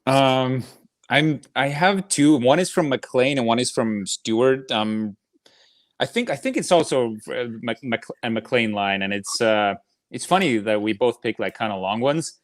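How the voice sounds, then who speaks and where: A man co-hosting a casual movie podcast, talking in a relaxed, hesitant way with pauses and restarts. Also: mid-range voice. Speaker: podcast co-host.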